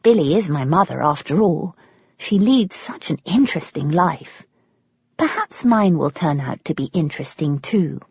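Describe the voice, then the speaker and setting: Brief: English woman audiobook reader, animated wry delivery, slightly husky, dull dry sound. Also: low voice, moderate pace, no room sound. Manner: wry, lively storytelling. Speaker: audiobook narrator. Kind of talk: scripted first-person narration.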